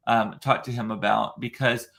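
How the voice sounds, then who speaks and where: A man with a deep, gravelly voice chats casually on a livestream. He rambles from thought to thought, filling pauses with ums and poking fun at himself. His pitch sits in the middle range for a man. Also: little pitch movement, fairly bright tone. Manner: chatty, rambling, self-deprecating, many fillers. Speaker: livestream host reading viewer comments. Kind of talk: casual chat.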